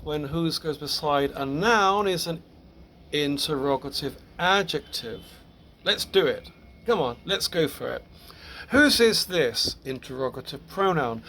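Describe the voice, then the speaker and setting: A man's voice: on the high side, a bit bright, slight background noise. A man teaching Spanish grammar in a recorded lesson, explaining patiently step by step with the occasional small laugh.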